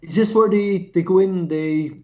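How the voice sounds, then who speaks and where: A man's voice: high voice, moderate pace, dark tone. A young adult man co-hosting a movie review podcast, chatting casually with sardonic, swearing asides. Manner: chatty, sardonic asides, profanity, laughs along. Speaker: podcast co-host.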